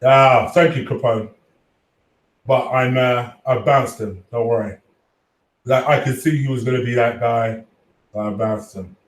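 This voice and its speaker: A man's voice: mid-range voice, fairly even intonation, a little slow, long pauses, far from the mic. Man, casual live stream host, swearing, chatty, echoey room, a bit off-mic. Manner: swearing, chatty, shouting out viewers. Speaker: fan channel host reading live chat.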